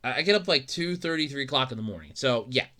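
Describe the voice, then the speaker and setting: An exasperated podcast host rants on their own, swearing freely and laughing often, with a voice that swings all over the scale. The tone is bright and forceful, and it climbs into shouts when the host gets worked up. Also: medium pitch, expressive, quick pace. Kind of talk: casual solo podcast rant.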